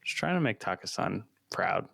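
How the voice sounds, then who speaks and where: A man's voice: deep voice, very animated, normal speed, gravelly, pushed and bright, breathy edge, dry recording, clean studio sound. A man co-hosting a podcast, chatting casually in a laid-back, joking way. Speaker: podcast co-host. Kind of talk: casual chat.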